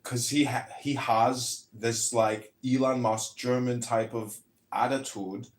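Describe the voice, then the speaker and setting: A man's voice: medium pitch, fairly even intonation, slow pace, reverberant. A man talking boastfully and at length in a casual audio chat room. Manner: boastful, rambling.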